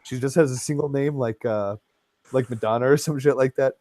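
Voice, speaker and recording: A man's voice: medium pitch, brisk, warm tone, no room sound. A man in casual chat on a stream, meandering and swearing as he tells a story. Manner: meandering, profane.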